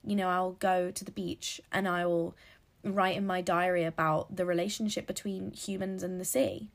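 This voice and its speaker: A woman's voice: on the low side, level tone, moderate pace, gravelly. A woman hosting a casual solo podcast, chatty and rambling, laughing at her own slips. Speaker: podcast host.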